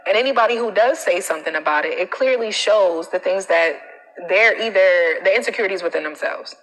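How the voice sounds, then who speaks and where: A woman coach hosting a casual live stream, animated and emphatic, with a preachy manner full of slang asides. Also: medium pitch, brisk, low-quality recording.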